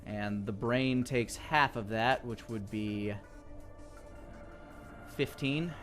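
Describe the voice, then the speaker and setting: Bright-voiced man running a tabletop game. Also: mid-range voice, takes it slowly, soft background music. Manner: descriptive, dramatic narration mixed with casual rules talk. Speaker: game master. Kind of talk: narrating a tabletop game on a live stream.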